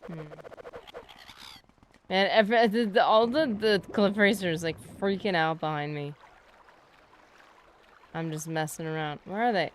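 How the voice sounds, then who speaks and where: A woman's voice: on the low side, unhurried, pauses often. Chatty woman streaming a game live. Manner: chatty, playful, talks to viewers. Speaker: gaming streamer. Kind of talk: casual live gameplay commentary.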